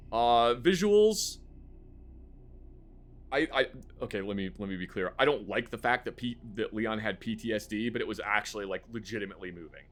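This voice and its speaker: A man streaming live, rambling casually about a game he just finished, with lots of fillers and the odd curse. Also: medium pitch.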